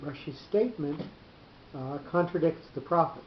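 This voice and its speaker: A man teaching a class, explaining patiently and slowly with frequent pauses. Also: fairly high pitch. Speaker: teacher of Torah cantillation. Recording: roomy, dull, slightly noisy recording.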